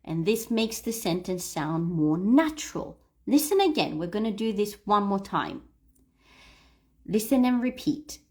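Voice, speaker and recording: A woman teaching English in a livestream, coaching listeners to read aloud and repeat, stressing key words slowly and clearly. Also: mid-range voice, animated, darkish tone.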